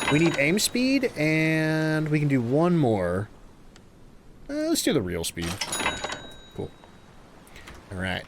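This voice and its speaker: A man's voice: fairly high pitch, slight background noise. A man streaming a game live, reacting with goofy jokes and sudden exclamations and thanking his chat. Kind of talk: live gameplay commentary.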